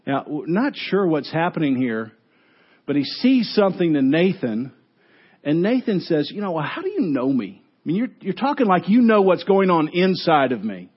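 A male pastor preaching a sermon, telling the story with lively quoted voices and dropping low and quiet to stress key words. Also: breathy edge, highs cut off.

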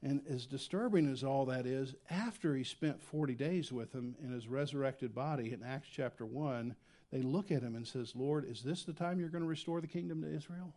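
A man preaching a sermon as pastor, swinging between loud emphatic lines and quiet, low asides. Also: moderate pace. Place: church sanctuary.

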